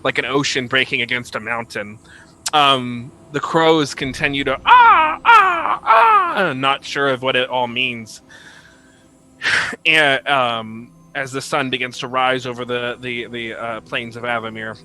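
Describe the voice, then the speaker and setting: A man narrating a tabletop game as game master, halting with many fillers. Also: medium pitch, fairly even intonation, pushed and bright, rough recording.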